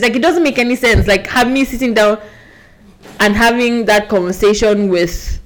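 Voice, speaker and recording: A woman's voice: fairly high pitch, normal speed. A woman in casual podcast chat, telling stories animatedly with frequent laughs.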